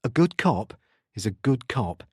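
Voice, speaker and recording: A man's voice: mid-range voice, measured pace, slightly rough, no room sound, clean studio sound, full character voice. A man voicing a self-assured, hard-boiled male detective with a London accent in an audiobook. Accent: London English. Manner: calm, reassuring.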